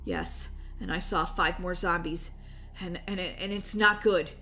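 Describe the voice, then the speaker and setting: A woman's voice: fairly low pitch, measured pace, loud music behind the voice, lightly acted. A woman voicing an anxious middle-aged dad who rambles and stammers when alarmed, over faint background noise. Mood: worried.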